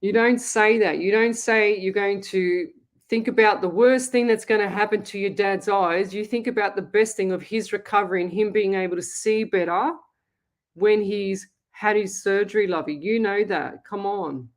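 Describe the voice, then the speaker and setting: Middle-aged Australian woman, live call-in host, mid pitch, chatty and blunt. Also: steady tone, normal speed. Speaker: psychic medium radio host. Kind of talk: live call-in reading, casual chat.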